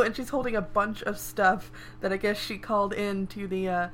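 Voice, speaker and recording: A woman's voice: medium pitch, steady tone, fairly quick, fairly bright tone, slight background noise. Dry teasing woman co-host. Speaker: podcast co-host. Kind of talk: casual manga recap chat.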